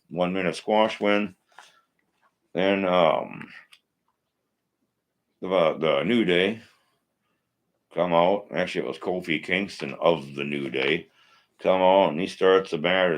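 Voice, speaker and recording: Gravelly deep-voiced man ranting. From Minnesota. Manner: blunt, ranting, profane, opinionated. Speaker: wrestling podcast host. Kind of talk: casual live-stream commentary.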